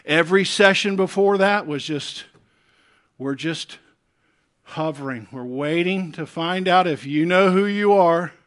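This Southern US preacher's voice is a little high and a little slow. As pastor, he moves between loud urgent calls and soft hushed appeals during his sermon.

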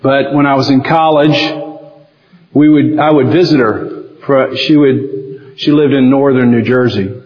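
Slow-talking Southern preacher in a hall. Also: male voice, mid-range voice, steady tone. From American South. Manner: folksy storytelling with acted-out quotes. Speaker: pastor. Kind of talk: sermon. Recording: dull lo-fi recording in a reverberant hall.

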